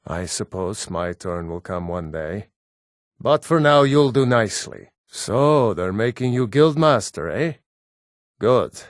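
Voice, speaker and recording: Blunt gruff Nord men. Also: male voice, lowish voice, animated, slow, no echo, clean studio sound. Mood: matter-of-fact. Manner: blunt, plain-spoken. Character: assorted gruff adult Nord men of a fantasy game. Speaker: video game voice actor. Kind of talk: game voice lines.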